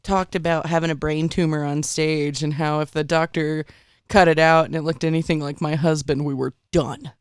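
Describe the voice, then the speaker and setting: A woman's voice: sits low, level tone, moderate pace, clear, resonant tone, dry recording. Woman, comedian, brash storyteller, self-mocking, dry close sound. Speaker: stand-up comedian guest. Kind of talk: casual podcast chat.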